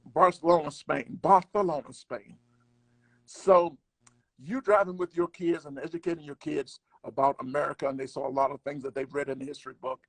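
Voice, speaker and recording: A man's voice: mid-range voice, fairly even intonation, brisk, gravelly, no echo. An older man, a comedian, telling a travel story in casual conversation, acting out the people he quotes. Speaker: guest comedian.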